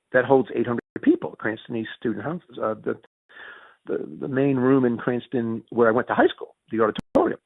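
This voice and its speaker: Lively man with a gravelly, husky voice. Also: no echo. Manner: animated, jumps in pitch when excited. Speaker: interview guest. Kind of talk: casual storytelling interview. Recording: tinny phone-like sound.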